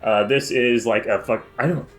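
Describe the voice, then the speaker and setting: A man's voice: medium pitch, fairly even intonation, moderate pace. A man co-hosting a podcast, summing up a movie in a rambling, profane way and tripping over his words. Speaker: podcast co-host. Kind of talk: casual movie review chat.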